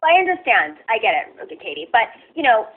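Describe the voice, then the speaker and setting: A woman's voice: fairly high pitch, sing-song, fast talker. A woman hosting a talk show interview, hesitant and meandering, with many fillers. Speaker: host. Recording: tinny phone-like sound.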